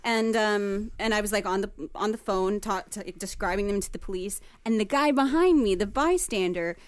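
A woman, a podcast guest who fights MMA, telling a story in casual chat, profane and animated, acting out the quotes. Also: medium pitch, moderate pace.

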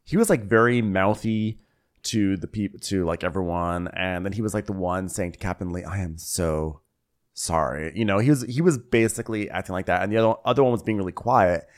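A man's voice: on the low side, a little fast. A man co-hosting a comedy podcast, recapping a show in a rambling, profane, self-correcting way. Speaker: podcast co-host.

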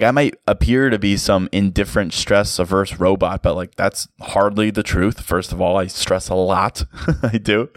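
A man's voice: fairly low pitch, no echo, studio quality. A man hosting a solo podcast, talking casually and reflectively, with lots of "like" fillers. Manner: casual and reflective, many "like" fillers, light laughs. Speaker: podcast host. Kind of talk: solo motivational podcast talk.

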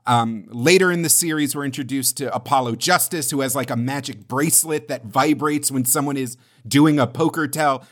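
A man's voice: medium pitch, moderate pace, hardly any pauses, a bit bright. A man co-hosting a podcast, talking enthusiastically about games with lots of fillers. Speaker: podcast co-host. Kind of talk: casual chat about game history.

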